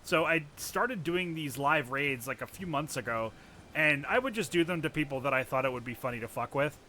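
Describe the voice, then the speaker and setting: A man's voice: a little high, brisk, a little hiss or hum. A man streaming live, chatting casually with loose, profane humor. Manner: relaxed, profane and laughing.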